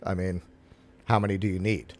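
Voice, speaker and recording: A man's voice: low-pitched, little pitch movement, moderate pace. A man co-hosting a political stream, musing thoughtfully and telling anecdotes in casual talk. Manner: thoughtful, anecdotal, does voices in stories.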